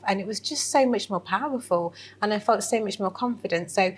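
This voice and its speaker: A woman's voice: mid-range voice, brisk, husky. A woman giving a candid interview, talking animatedly with lots of fillers and restarts. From England. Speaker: interview guest. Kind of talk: casual interview.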